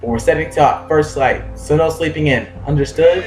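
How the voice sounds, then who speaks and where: A man's voice: a little high, a little fast, a little mellow, echoey room, soft background music, pitched above the performer's own voice, natural voice. A man voicing a young female pirate captain who scolds her crew in curt orders.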